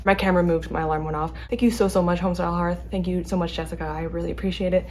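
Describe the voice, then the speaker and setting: A young woman book vlogger talks straight to her camera in a fast, chatty way. Her voice sits a little low for a woman, and she fills her talk with fillers and quick restarts. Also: fairly even intonation, a little mellow, slight background noise. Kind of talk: casual chat to camera.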